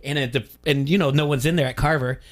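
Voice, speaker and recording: Young male sports radio host, casual and self-mocking, quick to laugh. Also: medium pitch, fairly even intonation. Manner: rambling, self-deprecating, laughs often.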